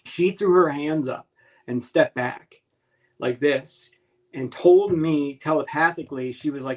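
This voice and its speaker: A man with a somewhat high voice tells a strange personal story in loose, casual talk. He halts and restarts often, searching for words. His telling is earnest. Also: unhurried, low-quality recording. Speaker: guest recounting an encounter.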